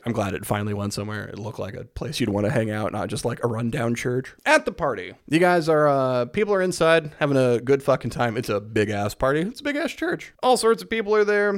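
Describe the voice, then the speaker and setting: A man's voice: mid-range voice, no echo, clean studio sound. A man casually recapping a video game's plot on a podcast, swearing freely and acting out characters' lines as he goes. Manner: animated storyteller, swears a lot, acts out quoted lines. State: a bit winded. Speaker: podcast host recapping a game. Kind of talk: casual profane game recap.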